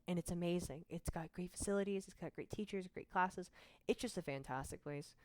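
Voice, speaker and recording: A woman's voice: fairly low pitch, fairly even intonation, moderate pace, darkish tone, no room sound. A young woman from Mississippi telling her personal story to camera in a candid, frank, conversational way, with self-deprecating asides. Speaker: vlogger.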